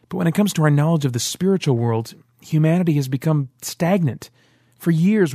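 A man's voice: on the high side, darkish tone, husky, no echo, clean studio sound, voice pushed up. A man voicing a passionate, insistent young male rebel in an audiobook.

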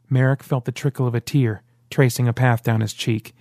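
A man reading an audiobook in steady, earnest scripted narration. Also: mid-range voice, a little fast, dry recording, studio quality.

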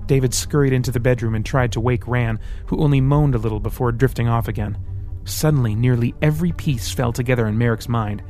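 A man reading an audiobook in steady, earnest scripted narration. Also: medium pitch, a little fast, soft background music.

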